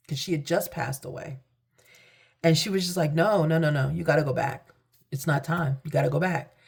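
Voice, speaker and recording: Earnest woman telling a personal story. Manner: earnest, emphatic, repeats phrases; acts out quoted voices in sudden high pitch. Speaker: spiritual tarot reader.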